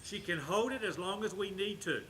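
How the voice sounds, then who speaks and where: Man, dog trainer, high bright voice, plainspoken demo, faint noise behind. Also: animated, normal speed. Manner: talks to the dog in soft praise, explains to camera. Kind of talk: casual demonstration.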